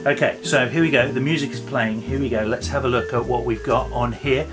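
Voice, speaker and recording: A man's voice: mid-range voice, steady tone, fairly quick, music in the background. A man presenting a playful children's talk in an online church service, upbeat and joking as he banters with a silent puppet. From England.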